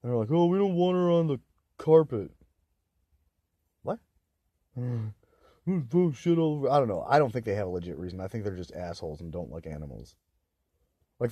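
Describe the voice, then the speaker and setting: A man's voice: deep voice, mellow, breathy edge, dry recording. A young man in a rambling, agitated, profane monologue to camera, swearing constantly. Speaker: vlogger.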